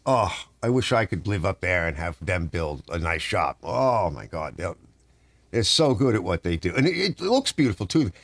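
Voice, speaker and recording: Middle-aged male stream host, rambling rant-style chat, lively pitch, dry close sound. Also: moderate pace, no echo. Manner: rambling, ranting, reading out chat. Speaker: host of a live garage stream. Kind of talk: casual live-stream chat with viewers. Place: home garage.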